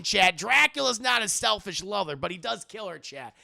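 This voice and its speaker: A man giving a rambling, profane, animated spoken film recap as a streamer. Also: sits high, moderate pace, gravelly, hardly any pauses. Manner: rambling, profane, animated, many fillers and restarts.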